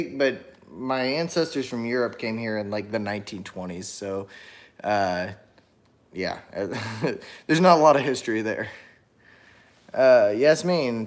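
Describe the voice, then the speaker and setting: A young man hosting a casual livestream, answering chat in a relaxed, rambling way with lots of fillers and restarts. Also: mid-range voice. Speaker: livestream host reading chat. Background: a small child crying at times.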